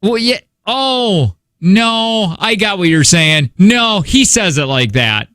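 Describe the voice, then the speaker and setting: Lively male radio host, laughing banter. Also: sits high, takes it slowly, clean tone, no room sound, clean studio sound. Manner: joking, laughs often, rambling with many fillers. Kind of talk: casual morning radio banter. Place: radio studio. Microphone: studio microphone.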